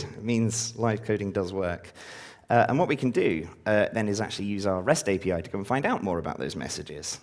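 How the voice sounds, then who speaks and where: A man's voice: sits low, creaky, darkish tone. A man giving a casual live-coding talk to a conference audience, full of ums and uhs. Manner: casual, filler-heavy, upbeat when engaging audience. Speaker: conference speaker.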